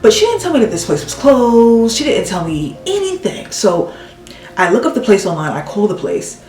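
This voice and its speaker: A woman's voice: medium pitch, moderate pace, roomy sound, far from the mic, faint music behind, rough recording. A woman telling a story casually, venting and acting out what people said while doing her makeup. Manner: animated, exasperated storytelling with acted-out quotes. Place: home room, doing makeup while talking.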